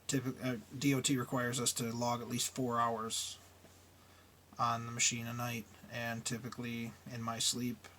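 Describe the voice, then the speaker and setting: A man's voice: medium pitch, a bit bright, a little hiss or hum. A middle-aged man who drives trucks, talking casually and bluntly in a vlog and grumbling about his frustrations.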